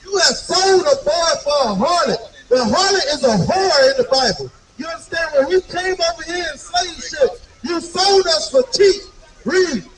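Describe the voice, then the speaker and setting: A man preaching in the street, shouting fiercely and calling for verse readings. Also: extremely high pitch, expressive, moderate pace, distant mic, low-quality recording. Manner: fiery, calls for verse readings, asks "you understand?". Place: downtown street outdoors. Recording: loud crowd on an outdoor street.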